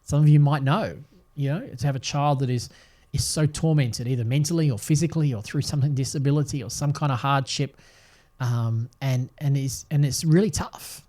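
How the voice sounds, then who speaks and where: An older man hosting a devotional podcast, talking in an earnest, reflective way with gentle restarts. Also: medium pitch, a little fast. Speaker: podcast host and Bible teacher.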